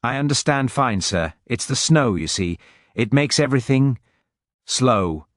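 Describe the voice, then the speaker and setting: A man voicing a laid-back Scottish Highland village constable who talks mildly in a soft lilt. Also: lively intonation, no room sound, studio quality, close to an everyday voice. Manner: mild, soft lilting, unhurried. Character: easygoing Highland village constable, mild and wry.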